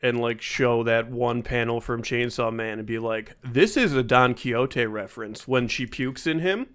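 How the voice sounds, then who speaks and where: A man's voice: mid-range voice, moderate pace, fairly bright tone, clean tone. A man co-hosting a podcast, chatting casually and dropping dry, wry, jokey asides. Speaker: podcast co-host. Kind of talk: casual comedic chat.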